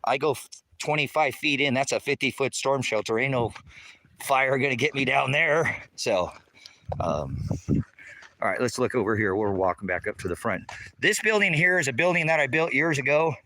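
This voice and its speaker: Outdoors on his rural land, a man leads a property tour livestream from a handheld phone while walking, hurling constant profanity and arguing with viewers' comments. He speaks at a moderate pace in a medium-pitched, expressive voice that sounds pushed and bright.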